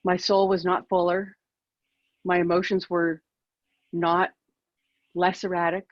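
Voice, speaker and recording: A woman's voice: lowish voice, flat delivery, slow, no echo, highs cut off. Candid woman telling her own story. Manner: candid, self-deprecating, with fillers and laughs. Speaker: keynote speaker. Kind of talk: personal storytelling talk. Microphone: video call.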